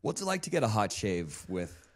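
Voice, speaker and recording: A man co-hosting a podcast, asking halting questions with fillers and joking asides. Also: lowish voice, very animated, husky. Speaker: podcast co-host. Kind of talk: casual chat.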